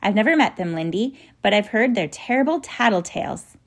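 A woman voicing a kindly, eccentric old male professor who coaxes and explains gently in a storybook reading, with a gravelly edge. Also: mid-range voice, brisk. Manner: gentle, coaxing, excitable.

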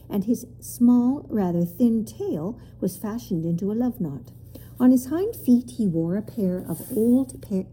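A woman narrating a children's story aloud, expressive in her reading. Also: medium pitch, a little hiss or hum. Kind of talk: audiobook narration.

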